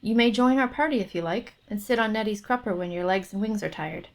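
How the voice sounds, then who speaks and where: A woman's voice: medium pitch, a little fast, close to an everyday voice. A woman reading an eager young country lad. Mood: cheerful.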